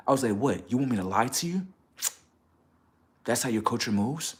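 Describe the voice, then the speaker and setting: A man on a casual livestream, rambling in slangy street talk and checking in with his viewers, getting loud and high when worked up. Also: animated, moderate pace, pauses often. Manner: rambling, repeats "okay" and "right" to the audience. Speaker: livestream host.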